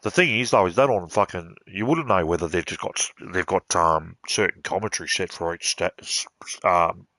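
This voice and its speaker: A man's voice: sits low, fairly quick, pushed and bright, dry recording. An Australian man streaming a game, ranting bluntly and swearing as he talks. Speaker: gaming streamer. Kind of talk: casual ranting while playing.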